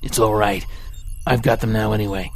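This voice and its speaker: A man voicing a wounded young male fighter with a labored baritone voice and dry humour. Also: fairly even intonation, moderate pace, faint music behind, natural voice. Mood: weary.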